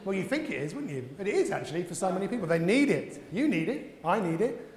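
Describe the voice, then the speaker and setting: A man delivers a motivational keynote in a conference hall, his voice sitting high for a man. He is a lively storyteller who jumps into character voices. The echoey hall leaves a long reverb trailing after his words. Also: quick pace, a crowd in the background. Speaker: keynote speaker.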